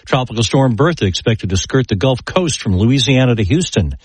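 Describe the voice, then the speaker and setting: A man's voice: mid-range voice, lively intonation, fairly quick, breathy edge, dry recording. Man reading radio news, dry studio. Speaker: network radio newscaster. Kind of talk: scripted news read.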